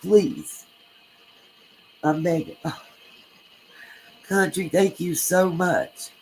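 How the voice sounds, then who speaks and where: A woman's voice: fairly low pitch, steady tone, slow pace, slight background noise, poor audio. Chatty woman livestreaming. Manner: chatty, emotional, thanks viewers by name. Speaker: true crime livestream host. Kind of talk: casual livestream talk, reading chat.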